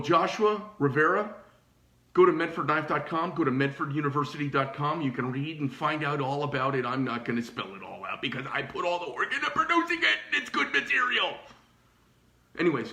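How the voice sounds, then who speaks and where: A man's voice: a little high, fairly quick, reverberant. A middle-aged man, a knife shop owner, ranting casually with lots of profanity and restarts. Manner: profane, animated, rambling with restarts. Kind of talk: casual rant.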